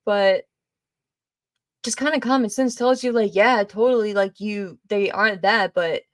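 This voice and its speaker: A woman's voice: mid-range voice, measured pace, dry recording. A woman hosting a podcast, casually talking through a TV series with sarcastic asides and plenty of fillers. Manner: conversational, sarcastic asides, frequent fillers and swearing. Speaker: podcast host.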